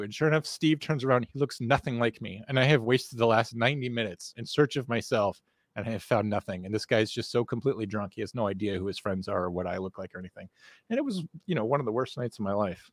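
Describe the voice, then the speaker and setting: A man's voice: medium pitch, fast, dry recording. Man with dry close sound telling stories. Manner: rambling, animated anecdote-teller with profanity. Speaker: podcast guest. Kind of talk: casual podcast storytelling.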